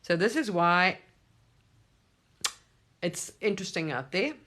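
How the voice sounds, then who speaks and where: A spiritual teacher talking casually to camera at home, animated, swearing and laughing often. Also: mid-range voice, slow.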